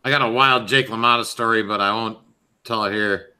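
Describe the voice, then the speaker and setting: A man telling an anecdote in a casual chat, hesitant, with many pauses and fillers. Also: lowish voice, fairly even intonation, pushed and bright, smooth. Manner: hesitant, lots of uh and um.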